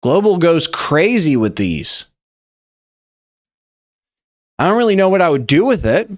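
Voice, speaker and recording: A man's voice: on the high side, sing-song, unhurried. A young man hosting a live stream, reacting loosely and profanely to memes, rambling and chatty. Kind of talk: casual live-stream meme review.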